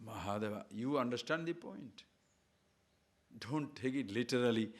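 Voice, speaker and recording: A man's voice: medium pitch, animated, moderate pace. A man giving a discourse on scripture as a spiritual teacher, emphatic and full of rhetorical questions, sometimes chanting verses in Sanskrit.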